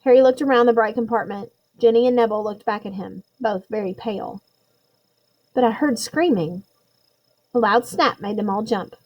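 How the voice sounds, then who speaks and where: A woman narrating a storybook chapter in a measured, suspenseful way. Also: medium pitch, steady tone, highs cut off. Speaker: audiobook reader.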